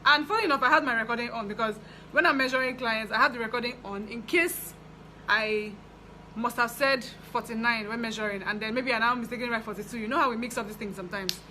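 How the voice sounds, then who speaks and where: A young Nigerian woman telling a story from her fashion business in a chatty, animated way. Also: fairly high pitch, fast talker, slight background noise, rough recording. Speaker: fashion designer vlogger. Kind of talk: casual storytelling.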